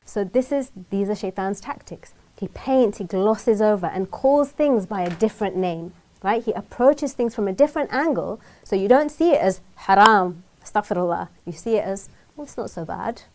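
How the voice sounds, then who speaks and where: Woman teacher, mellow warm tone; chatty Quran lesson, quick Arabic recitation, frequent "right?" check-ins. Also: mid-range voice, lively intonation. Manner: conversational, often checks in with "right?"; recites Arabic verses quickly, then explains in English. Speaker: Islamic teacher. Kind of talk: religious lesson on Quran verses.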